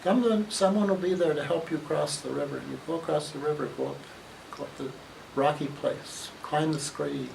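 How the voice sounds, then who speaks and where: A woman voicing a wise talking log that gives gentle, step-by-step directions. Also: sits low, moderate pace, creaky. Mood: guiding. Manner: gentle, instructive storytelling. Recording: distant mic, faint noise.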